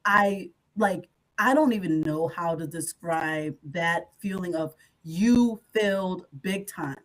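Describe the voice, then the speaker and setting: A woman's voice: on the low side, slow pace, poor audio. A woman who is a psychologist, candidly telling a personal story on a podcast and acting out what others said. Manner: candid, animated when quoting others. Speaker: podcast guest speaker, psychologist.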